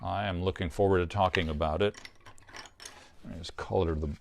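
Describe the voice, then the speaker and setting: A man's voice: low voice, steady tone, brisk, vocal fry, darkish tone, a little hiss or hum. A man hosting a children's puppet craft tutorial, chatty and upbeat, explaining each step as he works. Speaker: puppeteer and craft show host.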